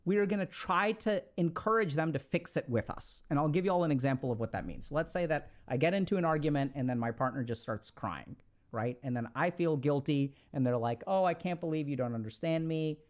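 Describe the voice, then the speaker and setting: A man giving relationship advice in a casual, explanatory talk, full of fillers and quick "right?" check-ins. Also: fairly high pitch.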